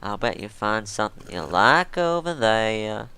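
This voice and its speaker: A man voicing a sly male tipster with a put-on US Southern accent, pitching secrets in salesman patter. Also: very animated, a little slow, sharp tone, a little hiss or hum, exaggerated voice. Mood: friendly.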